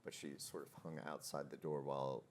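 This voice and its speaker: A man interviewing an organist, asking questions in a halting way with many fillers. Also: a bass voice, level tone.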